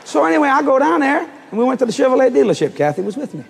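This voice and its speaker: Lively storytelling preacher in a reverberant hall. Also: male voice, very high-pitched, racing, creaky, husky. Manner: animated, laughing storyteller who acts out quotes. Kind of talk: storytelling sermon.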